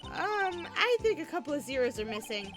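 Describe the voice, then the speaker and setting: A woman voicing a perky, excitable young female sidekick with a bright, chirpy voice, with game music behind her. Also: high voice, moderate pace, voice pushed up.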